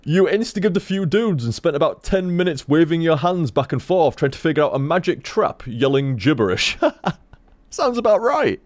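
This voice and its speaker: Speaking at a moderate pace, this young man has a fairly high voice that swings widely in pitch. He's streaming from his home room through a desk-stand studio microphone, chatting to his cat, cursing a lot and rambling casually.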